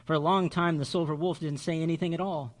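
A male pastor reading a children's story aloud during a sermon, expressive and measured. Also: on the high side.

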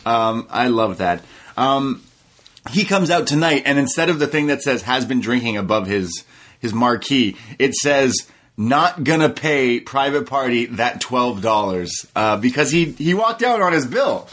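A man co-hosting a casual chat, talking as a relaxed and enthusiastic wrestling fan. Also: medium pitch, moderate pace. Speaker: co-host.

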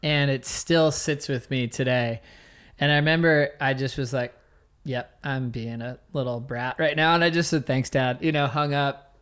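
A man with a smooth, clear voice and a slightly high pitch talks through stories from his career. He keeps it casual, with plenty of "you know" and "like" and a ready laugh. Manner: relaxed, laughs often, many fillers. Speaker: guest, surf commentator. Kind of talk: casual interview storytelling.

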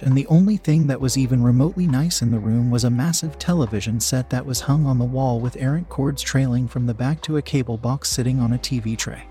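Male story narrator, mid-pitched, steady unhurried read over faint music. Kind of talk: scripted erotic story narration.

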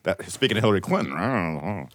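Deep-voiced joking podcast guy. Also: big pitch swings, quick pace, crowd noise. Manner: joking, rambling, drops into lazy vocal fry. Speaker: podcast co-host. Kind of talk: casual comedy podcast chat.

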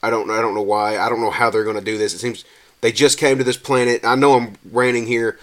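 Rambling man ranting about a movie. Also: quick pace. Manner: rambling, restarts often, gets animated and higher when exasperated. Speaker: podcast host reviewing a movie. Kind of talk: casual rant.

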